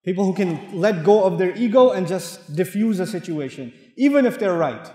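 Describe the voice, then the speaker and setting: A man giving an animated sermon, asking the audience rhetorical questions and reciting Arabic verses. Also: high-pitched, moderate pace. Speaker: Islamic lecturer. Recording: echoey hall with long reverb.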